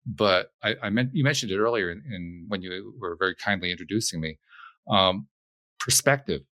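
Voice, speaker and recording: A middle-aged man talking as a podcast guest, animated, thinking aloud with frequent restarts. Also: sits low, normal speed, dry recording. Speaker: podcast host, guest here. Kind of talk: conversational interview.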